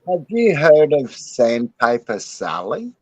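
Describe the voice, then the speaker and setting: A man telling an old joke in a slow, drawling way. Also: medium pitch, wildly swooping pitch, slightly rough, dry recording.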